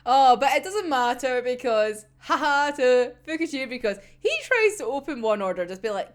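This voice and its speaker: Woman reviewer for a casual episode talk: bouncy, swinging pitch, swears freely, laughs often. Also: animated, normal speed, hardly any pauses.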